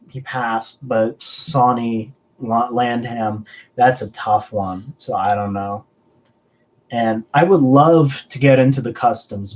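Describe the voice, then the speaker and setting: A man's voice: medium pitch, a little mellow, poor audio. A young man from the American South, hosting a casual live stream and chatting loosely with viewers, rambling and swearing freely. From Southern United States. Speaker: collectibles channel host.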